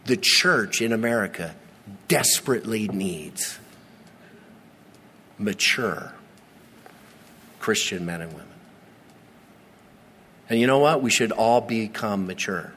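A middle-aged male pastor preaching to his congregation, repeating key words and letting dramatic pauses hang. His voice rings out in the long reverb of a big church hall, with a faint room hum underneath. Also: lowish voice, lively intonation, fairly bright tone. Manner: earnest preaching with dramatic slow pauses and repetition. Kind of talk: sermon. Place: church sanctuary.

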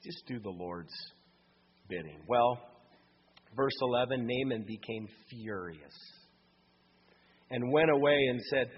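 A man preaching a sermon and reading scripture, dramatic, swinging between loud emphasis and hushed lines. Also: mid-range voice, lively intonation, slow pace, long pauses, breathy edge. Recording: dull sound with long hall reverb and faint hum.

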